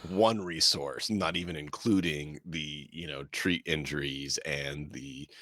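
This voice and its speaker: A man's voice: extremely low pitch, fairly even intonation, measured pace, bright, forceful tone, no echo. A man streaming a video game, chatting casually and rambling through his thoughts as he plays. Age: adult parent. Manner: rambling, talks through frustrations.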